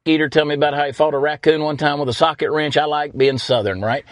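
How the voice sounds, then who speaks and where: Rambling folksy man, slightly high voice. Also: level tone, fast, no room sound, clean studio sound. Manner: folksy, rambling list of likes. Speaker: man in a played video clip. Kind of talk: monologue to camera. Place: in a parked car.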